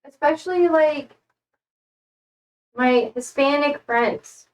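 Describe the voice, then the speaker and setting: Rambling high-voiced American woman streaming. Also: takes it slowly, recorded from a distance, poor audio. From United States. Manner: rambling, self-deprecating, playful. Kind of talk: casual chat while repotting plants.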